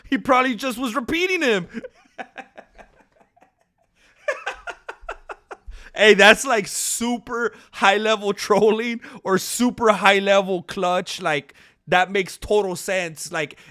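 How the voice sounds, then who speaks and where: A man's voice: high-pitched, slow, long pauses, pushed and bright, dry recording, studio quality. A man hosting a live stream, reading viewer comments and bantering in a laid-back, chuckling way.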